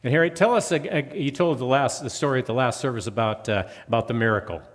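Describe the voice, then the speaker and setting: A man asks brisk, quick questions, with short prompts that keep the guest going. He sounds off the mic, in the long reverb of a church hall. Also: mid-range voice. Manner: brief prompts and follow-up questions. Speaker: interviewer. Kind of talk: casual interview questions.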